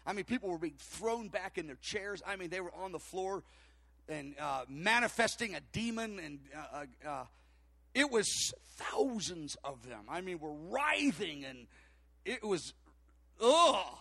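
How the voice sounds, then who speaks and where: A man's voice: high voice, measured pace, vocal fry, no room sound. An older man preaching, telling a long personal story with many fillers and restarts. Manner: animated, rambling anecdotes with many fillers and restarts. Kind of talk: storytelling sermon.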